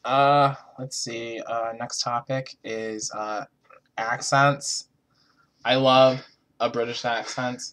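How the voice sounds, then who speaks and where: Crude brash dude hosting a chat, brightish voice, jokey bits. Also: male voice, mid-range voice, fairly even intonation, takes it slowly. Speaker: host. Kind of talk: casual chat.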